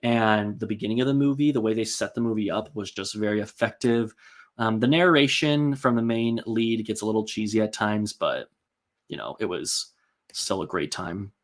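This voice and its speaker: A man's voice: on the low side, normal speed. A man hosting a casual live-stream, rambling and chatty with many ums and likes as he reads out and answers viewer comments.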